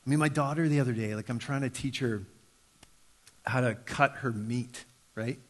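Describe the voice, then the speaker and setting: Speaking at normal speed with a fairly bright tone, this man in his thirties delivers a sermon as if chatting. When quoting others, the pastor performs their voices, his pitch leaping abruptly.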